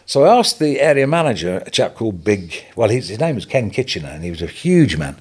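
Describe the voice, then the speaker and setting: Older English businessman, husky, low-pitched, lively storyteller, podcast guest. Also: brisk. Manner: animated anecdotal storytelling, chuckling. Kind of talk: storytelling interview.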